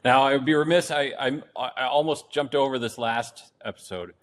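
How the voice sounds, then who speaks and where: A man hosting a podcast in casual chat, upbeat and quick with short replies. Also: medium pitch, fairly bright tone. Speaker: podcast host.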